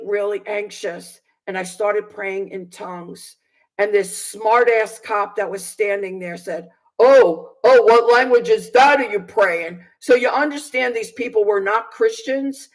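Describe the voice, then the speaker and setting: A woman who preaches on video shares her own story as personal testimony, sounding earnest and indignant while halting often, with many fillers and restarts. Her voice is medium-pitched, and the recording is rough.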